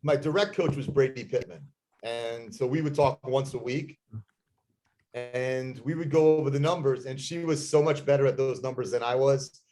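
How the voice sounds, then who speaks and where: A man's voice: mid-range voice, normal speed, dark tone. A man speaking as a guest real estate agent, giving an intense, emphatic motivational talk on sales scripts. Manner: intense, emphatic, plain-spoken.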